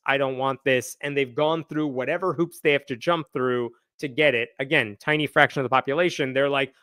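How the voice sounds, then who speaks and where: A man's voice: medium pitch, fairly bright tone, no room sound. A man hosting a live news commentary show, blunt and sarcastic, talking close to a desk mic. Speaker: host.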